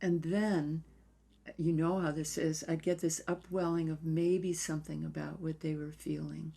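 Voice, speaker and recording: An older woman dance therapist telling stories in an interview in a reflective, unhurried way, sometimes dropping to a near whisper. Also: low voice, little pitch movement, vocal fry, warm tone, slightly rough.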